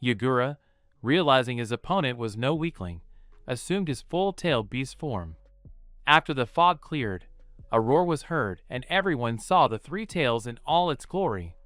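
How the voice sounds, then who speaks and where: Male narrator, smooth and lively, dry close sound, steady story reading. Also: mid-range voice, measured pace, dry recording. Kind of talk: scripted narration of a fan story.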